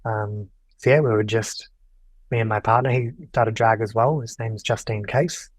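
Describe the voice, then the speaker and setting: A man's voice: lowish voice, moderate pace, no echo, poor audio. A young man, guest on a podcast, telling a personal story casually and acting out quoted lines. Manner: animated, acts out quoted dialogue.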